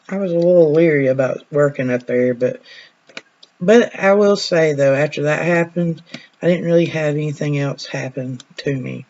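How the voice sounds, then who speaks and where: A woman's voice: low voice, a little mellow, dull audio. A woman, a nurse chatting casually in a vlog, telling stories in a folksy way that trails off now and then.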